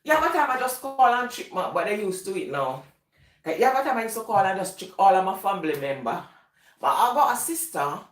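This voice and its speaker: A fast-talking woman with a Jamaican accent rambles through casual stories for her vlog, laughing often in a sing-song, mid-range voice. The room is echoey, and she sounds some distance from the mic.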